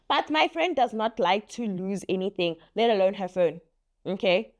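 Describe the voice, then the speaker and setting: A young woman telling a story on her vlog in a lively, laughing way, acting out what people said. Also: mid-range voice, moderate pace. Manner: animated, laughing, acts out quotes. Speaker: vlogger. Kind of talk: casual story time.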